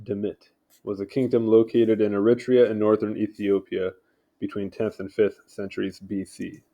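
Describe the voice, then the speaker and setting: Guy at home reading wiki stuff aloud, mellow voice, mumbly and offhand. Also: fairly low pitch, flat delivery, moderate pace, lo-fi sound. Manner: offhand, mumbly, stumbles over names. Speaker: video host reading wiki articles. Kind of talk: casual read-along commentary. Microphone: home mic.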